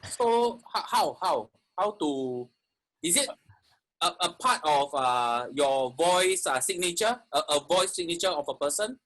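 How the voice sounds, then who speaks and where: Hesitant male co-host with a slightly high voice. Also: animated, fairly bright tone, low-quality recording. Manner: hesitant, halting, lots of restarts and fillers. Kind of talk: casual chat.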